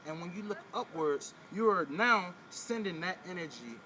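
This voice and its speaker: A man's voice: high-pitched, expressive, moderate pace, sharp tone, a little hiss or hum. A man teaching a breathing and pelvic floor exercise in a casual video, repeating his instructions and speaking straight to the viewer. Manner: repetitive, coaching, direct to viewer. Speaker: spiritual wellness teacher.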